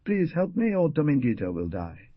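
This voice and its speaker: A woman's voice: deep voice, sing-song, moderate pace, dry recording, phone-quality sound, voice pushed up. A man putting on a frantic screaming wife. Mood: frantic pleading. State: panicked, screaming. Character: frantic woman begging for help.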